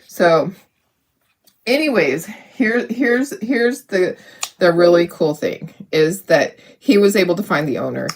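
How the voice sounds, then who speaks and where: A woman's voice: fairly low pitch, expressive, unhurried, a little hiss or hum. A middle-aged woman hosting a craft livestream, chatting emotionally with many restarts while she works on her sample. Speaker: craft channel host.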